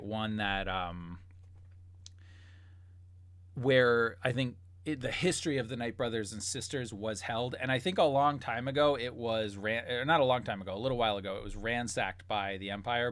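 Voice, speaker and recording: A man's voice: medium pitch, fairly bright tone, dry recording. A man narrating as game master of a tabletop game, rambling through descriptions with many fillers.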